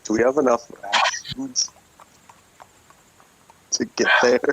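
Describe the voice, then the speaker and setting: A man's voice: mid-range voice, slow, background noise. A man playing a tabletop game who makes offhand jokes. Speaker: player. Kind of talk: casual tabletop game play.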